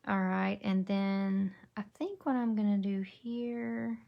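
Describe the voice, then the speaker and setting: A woman's voice: medium pitch, flat delivery, slow, gravelly, muffled recording. A woman demonstrating a papercraft project, chatting and thinking aloud as she works. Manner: chatty, thinks aloud while working, drops to a whisper while concentrating. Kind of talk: casual crafting tutorial.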